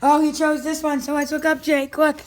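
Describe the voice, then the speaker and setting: High-voiced woman coaxing her dog. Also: little pitch movement, a little fast, slight background noise. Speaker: vlogger filming her dog. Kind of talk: casual home video narration. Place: at home, indoors.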